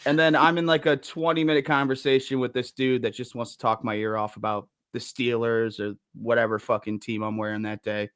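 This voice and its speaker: A man's voice: mid-range voice, level tone, a little fast, hardly any pauses, fairly bright tone, clear, resonant tone. A man co-hosting a podcast, chatting casually and rambling with lots of filler words and easy laughter. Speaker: podcast co-host.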